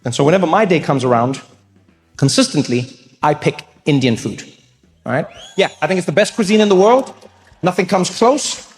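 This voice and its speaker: A man telling a story as a stand-up comedian, in an animated, playful way. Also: a little high, brisk. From South Africa. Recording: long reverb with faint music.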